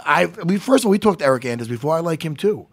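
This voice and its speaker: A man hosting a casual talk show, animated and jokey, swearing freely. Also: on the high side, rapid-fire. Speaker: podcast host. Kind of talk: casual chat.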